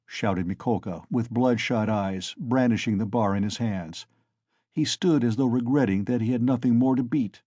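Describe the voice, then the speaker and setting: A man reading a classic novel aloud as an audiobook narrator, measured and steady. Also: fairly low pitch, no echo, clean studio sound.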